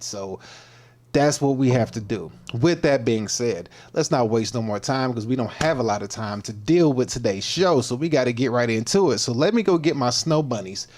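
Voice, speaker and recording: A man's voice: mid-range voice, expressive, moderate pace, a little mellow. A man hosting his own livestream as a fitness coach, talking casually and slangy, often repeating and stumbling over his words, at times in a mock-preacher style. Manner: slangy, laid-back.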